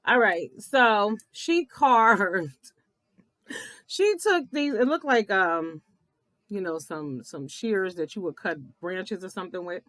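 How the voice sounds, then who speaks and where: A woman giving a blunt, profane, animated recap of a reality TV episode, laughing often as she talks. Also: mid-range voice, slow pace, dry recording. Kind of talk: casual episode recap commentary.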